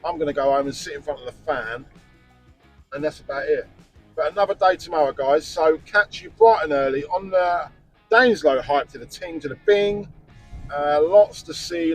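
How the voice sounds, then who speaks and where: A man chatting casually on an outdoor work site as he vlogs about his landscaping business, bantering and rambling. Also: a little high. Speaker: vlogger, landscaping business owner. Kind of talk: casual on-site vlog chat.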